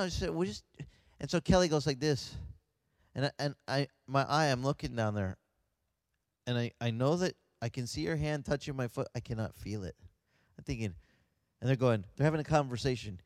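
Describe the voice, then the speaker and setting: A man who is a pastor, telling a lively personal story and acting out the voices of the people in it. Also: medium pitch, fairly quick, no echo. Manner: animated, acts out voices of others. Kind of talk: storytelling anecdote.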